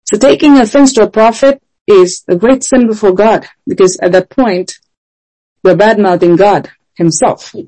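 A woman's voice: mid-range voice, moderate pace, dark tone, low-quality recording. A woman preaching a sermon in an earnest, emphatic way, often asking rhetorical questions.

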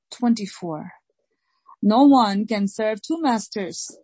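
A woman pastor preaching a sermon slowly and emphatically, repeating key phrases and reading scripture aloud. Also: medium pitch, mellow, slightly rough, no echo, rough recording. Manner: slow, emphatic preaching with deliberate repetition.

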